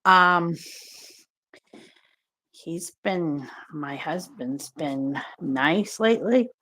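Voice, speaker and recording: A woman in her fifties speaking hesitantly on a video call, pausing often with sighs and small laughs. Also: low-pitched, fairly bright tone, low-quality recording. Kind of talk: casual chat.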